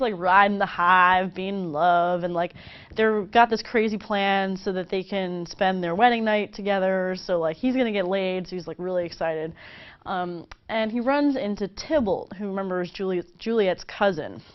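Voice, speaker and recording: A woman's voice: mid-range voice, moderate pace. A woman teaching a casual literature lesson in a chatty, playful way, full of fillers. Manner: chatty and playful, many fillers, laughs often. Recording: slightly dull lo-fi recording.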